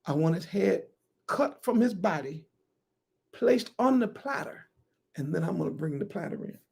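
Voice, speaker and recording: A preacher acting out a scheming queen mother who coldly demands a prophet's head, in a low, quiet, matter-of-fact voice. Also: expressive, moderate pace, vocal fry, slightly rough.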